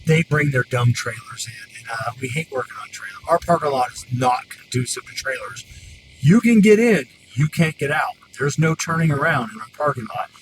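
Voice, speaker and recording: A man's voice: mid-range voice, expressive, moderate pace. A man who works as a mechanic and hosts a podcast, ranting about customers in a casual, profane, rambling way full of fillers. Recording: distant mic with clear background noise.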